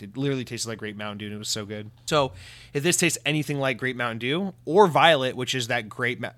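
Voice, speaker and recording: A man's voice: mid-range voice, a bit bright. Rambling casual podcast host guy. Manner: rambling, self-correcting, swears casually. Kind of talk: casual solo podcast chat.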